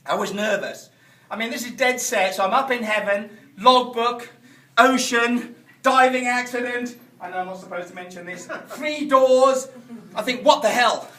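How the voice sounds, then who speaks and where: A middle-aged man from England giving a humorous speech at a function, animated and shouting punchlines. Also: extremely high pitch, normal speed. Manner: animated storyteller, shouting punchlines amid laughter. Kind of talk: humorous after-dinner speech. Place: function hall with audience. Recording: echoey hall, distant mic, noisy.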